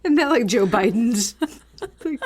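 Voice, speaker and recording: A woman's voice: fairly high pitch, animated, a little mellow, slightly rough. A woman co-hosting a casual podcast, chatting loosely about her own spooky childhood memories. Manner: conversational, drawn-out asides, reacts with disgust. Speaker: podcast co-host. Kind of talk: casual chat.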